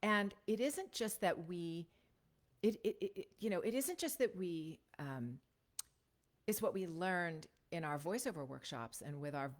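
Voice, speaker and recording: A woman's voice: lowish voice, expressive, unhurried. A middle-aged woman, a voiceover coach, talking to a live class in a chatty, rambling way and often checking in with "right?", on a shotgun studio microphone at a home computer setup. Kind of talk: casual livestream teaching chat.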